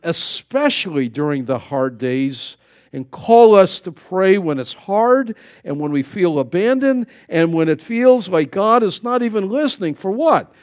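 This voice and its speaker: A man's voice: high-pitched, lively intonation, unhurried. A man preaching a sermon to a congregation, folksy and conversational, with joking asides and rhetorical questions. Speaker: pastor.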